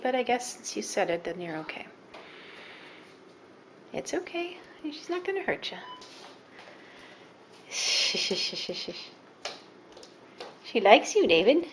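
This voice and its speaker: Woman, mother, home video, handheld camera, sing-song coaxing, very animated pitch. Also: a little hiss or hum, low-quality recording. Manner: sing-song, coaxing talk to a child and a cat. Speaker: mother filming her child. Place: at home with a couch.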